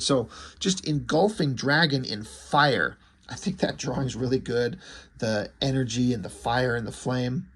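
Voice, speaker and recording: A man's voice: mid-range voice, measured pace, fairly bright tone, slightly rough. A man casually reviewing a comic book with enthusiasm and swearing, acting out the scenes with sound effects.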